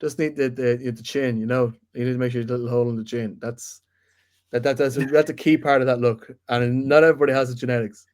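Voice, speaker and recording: A man co-hosting a casual sports chat, talking in halting bursts full of restarts and banter. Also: mid-range voice, fairly even intonation, a little mellow. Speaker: podcast co-host.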